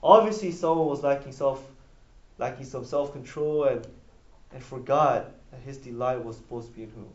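A man preaching a sermon to a group. He is animated and has them finish his verses out loud. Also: mid-range voice, moderate pace. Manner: call-and-response, animated, asks the room to finish verses. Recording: echoey room, dull lo-fi sound.

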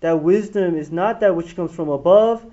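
High-voiced man teaching scripture, lo-fi. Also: normal speed. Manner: animated storytelling, acting out quotes with shifting loudness. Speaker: pastor. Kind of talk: casual Bible teaching to a small group. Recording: dull lo-fi room recording.

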